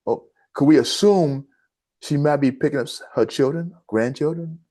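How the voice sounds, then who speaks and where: Speaking at a normal speed in a mellow, slightly high voice, a man hosts a news commentary show. He addresses viewers as family while delivering impassioned, indignant commentary.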